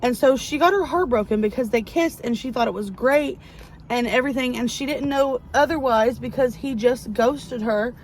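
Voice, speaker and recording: A woman, chatting excitedly and rambling with many fillers as she recaps a romance novel. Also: on the high side, normal speed, a little hiss or hum, rough recording. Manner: gushing, rambling, lots of fillers. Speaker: book vlogger. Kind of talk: casual book review chat. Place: outdoors near a parking lot.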